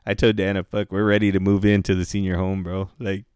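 A man's voice: low voice, monotone, fairly quick, a little mellow, smooth, no room sound, studio quality. A man telling a story in a laid-back, rambling podcast chat, swearing freely. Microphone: headphones and studio mic.

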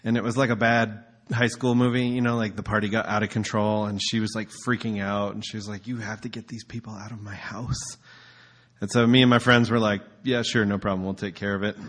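A man's voice: lowish voice, flat delivery, quick pace, few pauses, fairly bright tone. A man preaching casually as a pastor, telling a story in a loose, conversational way with filler words.

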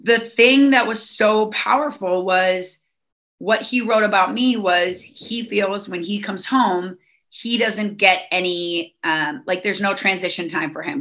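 A middle-aged woman from Southern California talks freely as a podcast guest. Her voice is bright and forward, and she keeps circling back through fillers and quick restarts as her thoughts pour out. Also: mid-range voice. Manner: chatty, many fillers and restarts. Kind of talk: casual podcast chat.

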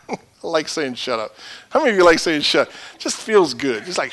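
A man preaching a sermon in a church. His voice sits high and rings bright and forceful. He climbs into shouted peaks, then falls back to low, quiet asides. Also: very animated, fairly quick. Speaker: pastor.

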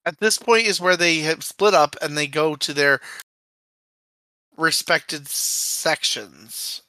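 Bright, lively podcast storyteller. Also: mid-range voice, slow, dry recording, poor audio. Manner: lively storyteller, acts out quotes. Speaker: podcast co-host. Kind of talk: casual movie recap chat.

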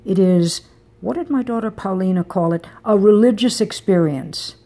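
Audiobook: a romantic older Italian man, affectionate and teasing, soft husky tone as a woman reader puts him on. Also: medium pitch, moderate pace, voice pushed up, natural voice. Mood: tender.

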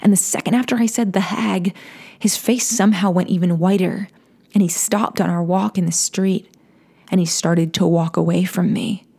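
A woman telling a personal story in a soft, confessional way, often dropping into a whisper and restarting her sentences. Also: on the low side, fairly even intonation, moderate pace, creaky, slightly rough. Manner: frequent restarts and stammers.

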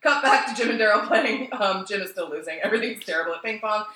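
A woman's voice: medium pitch, expressive, fast talker, pushed and bright, echoey room, rough recording. A woman co-hosting a casual podcast chat, animatedly recapping a TV episode, laughing and swearing as she goes. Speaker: podcast co-host.

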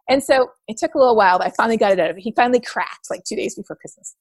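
A woman's voice: on the high side, rapid-fire, breathy edge, no echo. A woman from Canada in an interview, telling stories animatedly and acting out what others said. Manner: animated storytelling, acts out quoted voices. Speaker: interview guest. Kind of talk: casual interview talk.

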